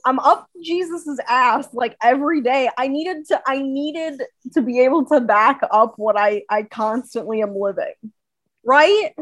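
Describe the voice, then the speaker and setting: A woman in her twenties co-hosting a podcast, chatting quickly with fillers and bursts of laughter. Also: high voice, a bit bright, no echo, low-quality recording. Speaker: podcast co-host. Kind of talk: casual chat.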